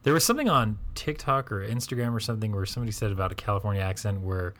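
A man's voice: on the low side, expressive, very fast, fairly bright tone. A man co-hosting a podcast, chatting casually in a rambling, jokey way that often trails off mid-sentence. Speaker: podcast co-host. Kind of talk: casual chat.

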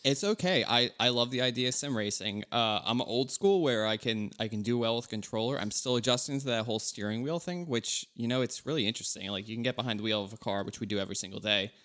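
A man in his thirties co-hosting a casual car podcast, telling stories in a relaxed, rambling way. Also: medium pitch, fast talker, few pauses. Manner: relaxed, rambling, animated storytelling. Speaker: podcast co-host.

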